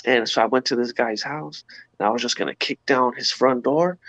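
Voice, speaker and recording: A man, an interview guest, giving a personal testimony in an animated, slangy storytelling way, acting out sounds as he goes. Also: mid-range voice, fairly quick, no room sound. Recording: dull lo-fi dry sound.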